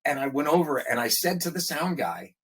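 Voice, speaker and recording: A man's voice: a little high, a little fast, slightly rough. A middle-aged man, a guest musician, telling casual stories on a podcast and animatedly acting out the people in them. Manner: animated, acts out quoted people in a raised voice. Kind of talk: casual storytelling in a podcast interview.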